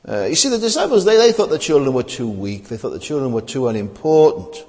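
A man's voice: mid-range voice, sing-song, moderate pace, gravelly, darkish tone. A man preaching a sermon, earnest and questioning, with many "uh" fillers. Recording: long hall reverb.

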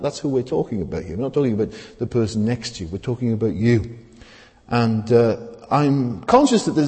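A man's voice: medium pitch, warm tone. A man preaching a sermon in a conversational way, with many rhetorical tag questions and restarts. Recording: long hall reverb.

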